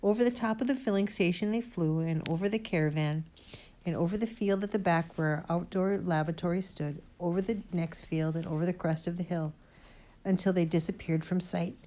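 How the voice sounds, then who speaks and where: A woman narrating a children's storybook aloud in an expressive, lively way. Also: lowish voice, brisk. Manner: lively expressive reading, first-person boy narrator. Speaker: audiobook reader.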